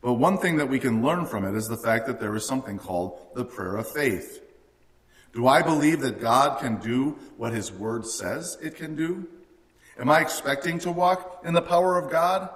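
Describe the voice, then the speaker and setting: A man preaching a sermon in an earnest way, lifting his voice when he quotes others. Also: medium pitch. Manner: earnest, rising for quoted lines. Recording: long hall reverb.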